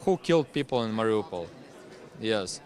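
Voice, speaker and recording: Young Ukrainian veteran guest, low voice, halting second-language English. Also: male voice, animated, a little mellow. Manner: halting, many fillers and restarts. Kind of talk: interview testimony.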